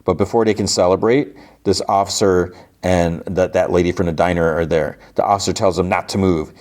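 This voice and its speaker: A man's voice: deep voice, fairly even intonation, a little fast, a little mellow. A man hosting a podcast, casually recapping an episode with lots of fillers and restarts. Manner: rambling, many fillers and restarts. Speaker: podcast host.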